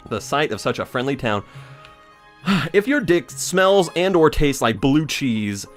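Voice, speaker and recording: A man's voice: on the high side, very animated, a little slow, faint music behind. A young man giving casual, rambling commentary while playing a video game, joking as he tells stories. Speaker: let's play gamer.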